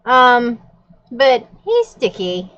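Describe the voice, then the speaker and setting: A woman's voice: a little high, big pitch swings, extremely slow, a bit bright, dull audio. A woman hosting a casual vlog, chatting and telling stories while laughing often. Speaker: vlogger host. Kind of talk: casual plan-with-me vlog chat.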